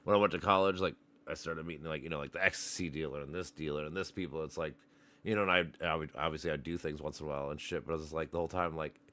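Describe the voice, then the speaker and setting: A man's voice: very deep voice, steady tone, very fast, sharp tone. A man chatting casually on a podcast, blunt and swearing freely. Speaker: podcast co-host. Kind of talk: casual chat.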